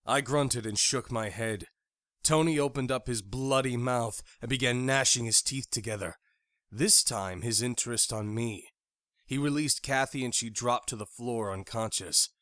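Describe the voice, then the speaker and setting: A man narrating a thriller audiobook in the first person, with expressive storytelling. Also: mid-range voice, normal speed, no room sound, studio quality.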